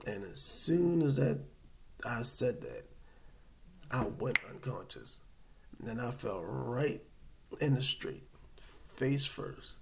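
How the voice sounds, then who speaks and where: A man telling a personal story to camera in a casual, animated, rambling way. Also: mid-range voice, slow pace, vocal fry, long pauses, slight background noise. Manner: animated, colloquial, rambling with restarts.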